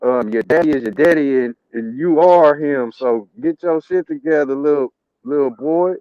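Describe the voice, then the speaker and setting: A man's voice: a little high, moderate pace, dark tone, clear, resonant tone, no room sound. A man in casual chat, talking in loose, rambling street slang and laughing often. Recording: dull lo-fi sound.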